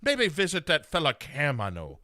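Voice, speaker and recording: A man's voice: on the high side, huge pitch swings, moderate pace, bright, forceful tone, no room sound, studio quality, voice pushed up, exaggerated voice. A man voicing a brash young woman with a mock Irish accent who brushes people off. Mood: dismissive.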